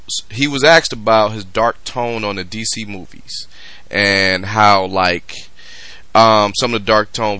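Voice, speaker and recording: A man's voice: on the low side, sharp tone, no echo. A man hosting a podcast, ranting in a casual, emphatic and profane way. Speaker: podcast host. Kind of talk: casual commentary rant.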